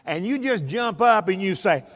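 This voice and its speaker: A man with a high, animated voice speaks at normal speed as a motivational speaker. Before an audience in a big hall, with audible reverb, he delivers a folksy, story-filled speech and acts out voices.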